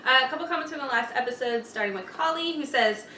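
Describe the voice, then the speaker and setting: Bright-voiced woman reading comments. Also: high voice, lively intonation, fast. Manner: reads viewer comments aloud, chatty. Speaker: reaction channel host. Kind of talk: casual reaction commentary. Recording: echoey room, distant mic, faint noise.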